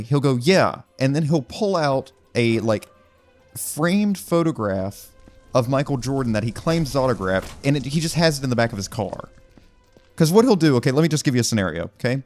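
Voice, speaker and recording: A young man talks casually while playing a game, drifting through wry anecdotes full of fillers. His voice is mid-pitched, and soft game music plays faintly underneath. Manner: rambling, wry storytelling with many fillers. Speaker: gaming video creator. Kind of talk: casual gameplay commentary.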